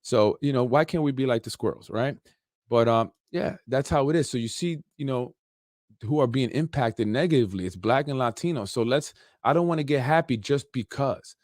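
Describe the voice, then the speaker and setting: A man's voice: mid-range voice, moderate pace, a little mellow, no echo. A man hosts an unfiltered political talk show and rants off the cuff, circling back to his points with plenty of "you know" and sarcastic jabs. His voice sits in a middle range and sounds dry and close, with no room around it. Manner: ranting, repetitive, sarcastic asides, lots of "you know". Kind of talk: unscripted political rant. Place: Yonkers, New York.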